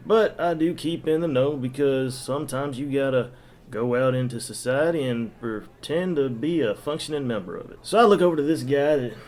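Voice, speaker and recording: A man's voice: medium pitch, darkish tone. A man narrating a first-person crime story in a crude, profane way, with ranting asides.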